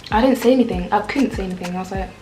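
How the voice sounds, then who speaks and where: A young woman, telling a casual storytime rant in a chatty, animated way. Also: mid-range voice, very fast. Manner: chatty, animated, lots of "like" and "I was like". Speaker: vlogger. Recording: echoey room with faint music.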